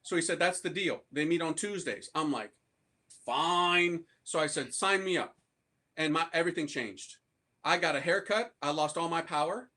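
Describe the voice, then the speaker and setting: A man from the United States, a priest, giving a casual and animated conversion testimony to an audience in slangy speech. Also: a little high, fairly quick.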